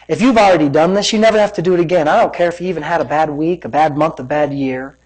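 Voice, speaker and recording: A man pastor preaching in a lively, conversational style. His voice sits high for a man, and he mixes excited exclamations with joking asides. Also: quick pace, few pauses, slightly rough, rough recording. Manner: animated, conversational preaching with playful jabs. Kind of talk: sermon.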